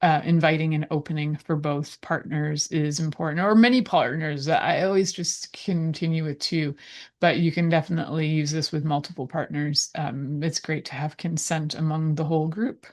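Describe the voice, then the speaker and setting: A woman with a low voice hosts a casual advice talk. She speaks in a chatty, playful way. She often drifts into rambling asides. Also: steady tone, moderate pace. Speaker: podcast host.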